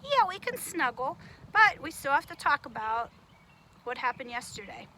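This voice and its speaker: A woman teacher leading a children's puppet lesson, patient and gently explaining. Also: sits high, sing-song, normal speed, slight background noise.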